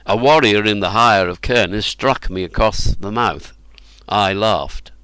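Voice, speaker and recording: Slow, measured male audiobook narrator. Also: on the low side, pushed and bright, smooth, dry recording. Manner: measured, deliberate.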